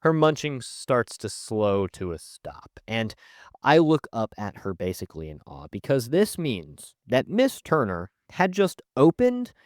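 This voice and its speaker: A man narrating a storytime in an animated, conversational, wry way. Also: mid-range voice, a little slow, no echo, studio quality. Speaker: storytelling youtuber.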